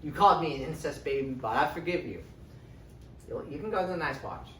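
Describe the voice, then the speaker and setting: A man's voice: a little high, animated, fairly quick, a bit bright, slight background noise. Smug boy king, mock-gracious, tossed off by a man retelling a story, roomy and distant.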